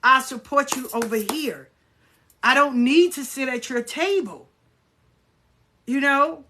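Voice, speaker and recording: A middle-aged woman hosting her own channel, talking casually and bluntly to viewers, animated and swearing freely. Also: high-pitched, slow. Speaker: spiritual practitioner, channel host. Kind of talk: casual spoken reflection to viewers.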